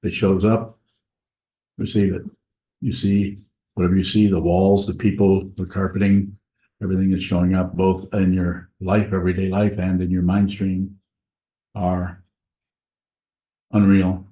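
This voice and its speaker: A man with a very low voice gives a slow, halting Dharma talk, pausing often and circling back on his words. He speaks in a monastery meditation hall. The recording is echoey and a little dull. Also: flat delivery. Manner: slow, halting, many pauses and restarts. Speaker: Buddhist teacher.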